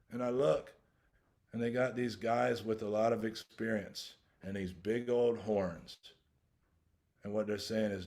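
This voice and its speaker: A man's voice: on the low side, fairly even intonation, unhurried, darkish tone. A man giving an earnest, rambling personal share at a recovery workshop, often restarting his sentences as he goes. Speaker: invited speaker at a recovery workshop.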